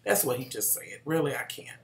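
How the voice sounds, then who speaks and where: A woman's voice: very deep voice, animated, a little fast. A middle-aged woman, reviewing a TV show in sassy, salty casual chat and calling her viewers honey. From Kentucky, USA. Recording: roomy echo.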